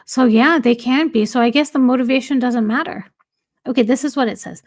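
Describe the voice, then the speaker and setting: A woman's voice: on the high side, fairly quick, no echo, studio quality. A woman hosting a casual livestream, reading viewer comments aloud and laughing often. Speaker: livestream host.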